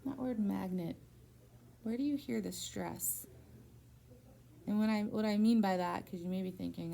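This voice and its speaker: A woman's voice: mid-range voice, normal speed, creaky, pauses often, warm tone, a little hiss or hum. A young woman tutoring a child in phonics, patient and encouraging, guiding with questions. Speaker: reading teacher.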